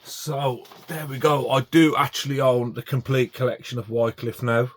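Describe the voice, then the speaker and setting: A man's voice: medium pitch, flat delivery, normal speed, slight background noise. A man chatting casually to camera about his DVD collection, enthusiastic and full of fillers and restarts.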